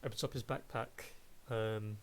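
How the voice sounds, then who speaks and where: A man narrating a tabletop role-playing game as game master, descriptive and unhurried. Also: on the low side, steady tone, slight background noise.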